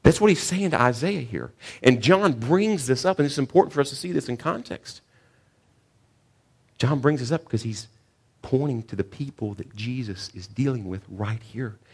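A man's voice: mid-range voice, animated, moderate pace, husky. A male pastor preaching a sermon on a scripture passage, earnest, often stumbling and repeating words before pushing to emphatic questions.

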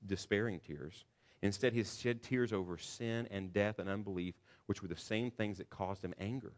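Man, pastor, deep low voice, earnest sermon, emphatic, church. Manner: earnest preaching, rising to loud emphatic passages.

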